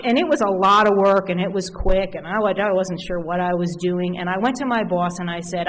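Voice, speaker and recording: A middle-aged woman giving a conference keynote in a loose, conversational way, full of fillers and lively retold stories. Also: fairly low pitch, brisk, few pauses, slight background noise, low-quality recording. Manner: conversational, animated storytelling with fillers. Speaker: keynote speaker. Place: conference hall.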